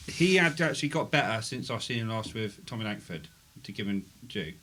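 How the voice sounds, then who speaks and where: A man's voice: lowish voice, lively intonation, brisk, bright, forceful tone. A man, a boxer co-hosting, breaking down a fight in a plain, clipped way. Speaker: boxer co-host. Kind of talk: casual fight analysis.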